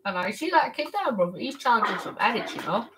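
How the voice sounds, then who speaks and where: A woman streaming a video game in casual, slangy commentary, excitable and exclaiming, at times shouting. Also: a little high, a little fast. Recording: steady background noise with clicks.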